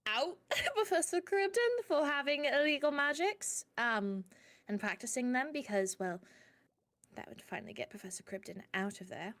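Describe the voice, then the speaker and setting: A woman streamer speaking in character during a roleplay, chatty and sometimes dropping to hushed asides while sharing gossip. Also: sits high, lively intonation, moderate pace.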